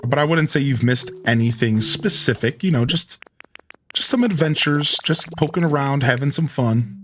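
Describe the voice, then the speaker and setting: A man streams a video game, offering casual let's-play commentary and chatting with his viewers, talking to chat and saying "dude" and "like." His medium-pitched voice is a bit bright at a moderate pace, with soft background music.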